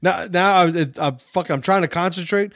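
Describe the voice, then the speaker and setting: A man's voice: high voice, normal speed, a bit bright, no echo, studio quality. A man hosting a casual livestream podcast, rambling, swearing freely and restarting his sentences. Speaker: podcast host.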